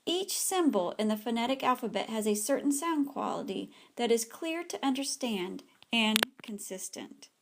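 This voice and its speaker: A woman's voice: fairly high pitch, lively intonation, normal speed, gravelly, few pauses, a little hiss or hum. A woman, an ESL teacher, reads a scripted slide presentation carefully, with small slips.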